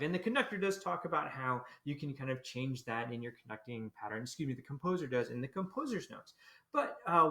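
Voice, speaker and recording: A man's voice: fairly high pitch, bright, forceful tone. A man leading a livestreamed conducting lesson, explaining the score, singing rhythms on syllables and greeting viewers. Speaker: military band conductor. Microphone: computer camera mic. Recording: roomy echo.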